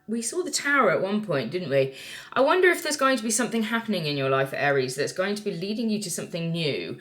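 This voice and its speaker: A woman's voice: mid-range voice, fairly bright tone. A woman giving a casual tarot reading, chatty and irreverent, swearing freely as she talks through the cards. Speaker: tarot reader.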